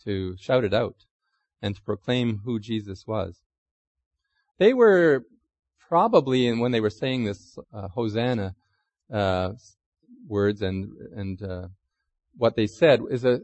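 A man's voice: mid-range voice, dry recording. A man preaches in a chatty, conversational way. He keeps asking his listeners questions and acts out quotes in small voices. The sound is dry and close. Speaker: pastor. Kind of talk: sermon.

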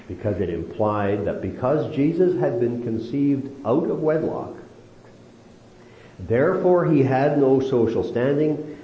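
A man leads a Bible study, his pitch rising and falling in a lively, animated way. He talks slowly and deliberately, drawing out key phrases. The sound is roomy and a little dull, with faint hiss behind him. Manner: lively, animated delivery with slow emphatic stretches. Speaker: Bible teacher.

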